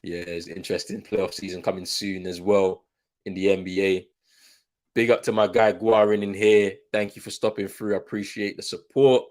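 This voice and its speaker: A low-voiced man hosts a live football watchalong stream. He talks in a relaxed, chatty way, calling the play and reading out viewers' comments as he goes. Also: normal speed.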